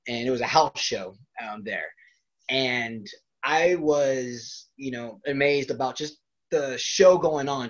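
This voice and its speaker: A man as a wrestler guest in an interview, telling rambling stories in a casual way and laughing often between them. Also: medium pitch. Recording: dull lo-fi recording.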